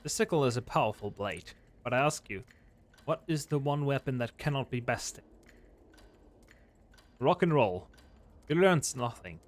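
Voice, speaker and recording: A man's voice: mid-range voice, expressive, a little slow, long pauses, close to an everyday voice. A man voicing a grandiose being that calls itself the end of time, speaking in solemn, portentous pronouncements. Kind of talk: voicing game dialogue.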